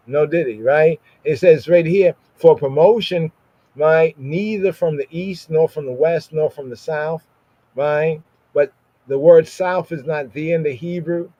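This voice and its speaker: A man's voice: mid-range voice, darkish tone, lo-fi sound. Man teaching scripture, "right?" after every phrase. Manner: tags nearly every phrase with "right?", reads Hebrew verses slowly. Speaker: podcast Bible teacher. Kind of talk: informal Bible study teaching.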